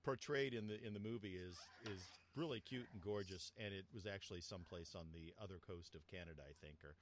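A low-voiced man chatting casually as a podcast co-host, with a faint hiss of noise behind him. He tells stories with animated energy. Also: fast. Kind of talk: casual chat.

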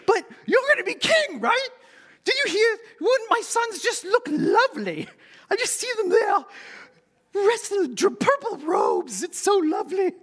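A man voicing a fussy, pushy mother in a squeaky comic falsetto, as in a sermon skit. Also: big pitch swings, unhurried, fairly bright tone, full character voice. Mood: gushing. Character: fussy doting mother, shrill Monty Python-style falsetto.

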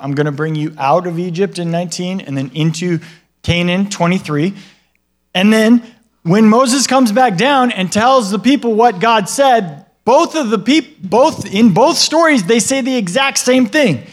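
A man preaching a sermon in a conversational way, often checking in with listeners and acting out the people in the stories. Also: high-pitched. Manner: conversational, asks the listeners questions and tags lines with "right?"; acts out what God and other people say in a livelier voice. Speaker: pastor.

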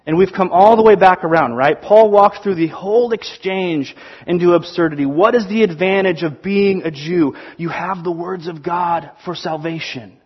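A man preaching a sermon, telling stories in an animated way and acting out the quotes. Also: sits high, normal speed, slightly rough, highs cut off. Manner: animated storytelling, acts out quotes. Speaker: pastor.

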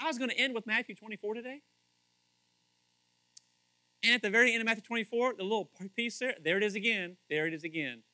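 A man preaching a sermon, animated and asking the congregation direct questions, moving from hushed asides to shouts. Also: high voice, no echo. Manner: talks straight to the congregation with questions. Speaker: pastor.

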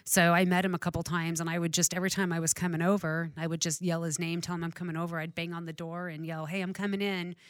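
A middle-aged woman chatting casually, telling a lively story, acting out the voices of the people in it and laughing often. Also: lowish voice, fast talker, hardly any pauses, no echo, studio quality. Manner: animated storyteller, acts out dialogue, laughs often. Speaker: real estate investor.

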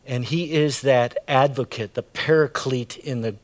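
A man's voice: mid-range voice, unhurried. A middle-aged man preaching a sermon as pastor, chatty and full of asides and "right?" tags.

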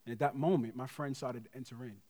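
A middle-aged male guest pastor preaching a sermon in a church, colloquial and conversational, swinging from loud emphasis to hushed asides. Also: mid-range voice, fairly even intonation, quick pace. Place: church sanctuary.

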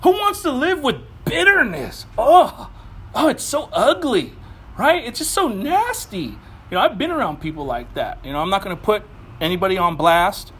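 High-voiced man preaching casually. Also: moderate pace, breathy edge. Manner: lively, conversational preaching with humor and asides. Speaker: pastor. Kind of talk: sermon.

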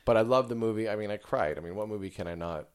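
A man's voice: on the low side, fast talker, clear, resonant tone. A man co-hosting a podcast in casual chat, earnest and joking. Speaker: podcast co-host.

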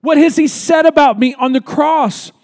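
A male pastor preaching an impassioned sermon, calling for amens and rising to shouts. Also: very high voice, normal speed.

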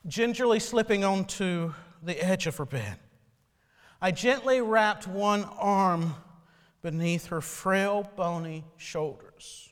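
A male pastor delivering a sermon, telling a story slowly and solemnly. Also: high voice, fairly bright tone, smooth, long reverb tail.

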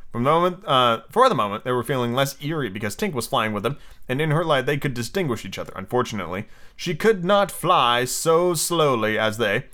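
A man's voice: medium pitch, bright, forceful tone. A man hosting a podcast, reading a classic children's novel aloud in a casual way, with small slips, asides and page numbers called out. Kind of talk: casual storybook read-aloud.

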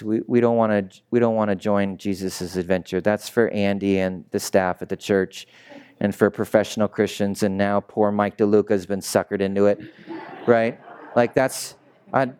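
Smooth-voiced, animated male preacher. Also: fairly low pitch. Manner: animated storytelling preacher, swinging between shouts and hushed asides. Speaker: pastor. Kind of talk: sermon.

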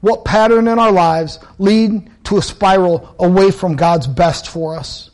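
A pastor with a fairly high male voice delivers a sermon. He talks earnestly and conversationally, weaving in personal stories and repeating key phrases for emphasis. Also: measured pace, darkish tone.

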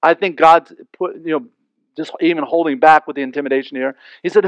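A man's voice: fairly high pitch, brisk, no echo, low-quality recording. A man preaching a sermon in a conversational way, full of asides and rhetorical questions. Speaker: pastor.

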